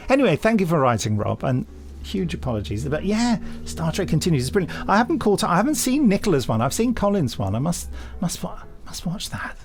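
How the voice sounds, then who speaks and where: A man's voice: sits high, big pitch swings, a little fast, soft background music. An English man co-hosting a podcast in casual chat, gushing and laughing often. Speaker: podcast co-host.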